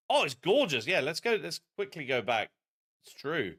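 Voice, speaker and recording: A man streaming a geography game, chatting in an animated, self-deprecating way. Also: a little high, normal speed. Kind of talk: live-stream game commentary.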